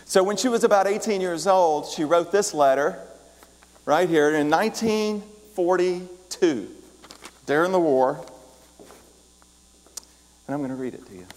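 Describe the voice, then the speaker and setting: A man delivers a sermon in a large church, his voice sitting a bit high for a man. He moves between storytelling and asides to the listeners, and the sound carries a long hall reverb. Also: a little slow, long pauses. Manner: storytelling, warm asides to the congregation, reads a letter aloud. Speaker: pastor.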